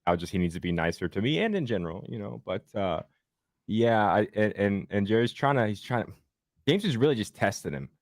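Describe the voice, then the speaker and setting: Deep-voiced casual stream host man. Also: expressive, a little fast, dry recording, studio quality. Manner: loose, rambling, joking with chat. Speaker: host of a sports betting stream. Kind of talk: casual livestream chat.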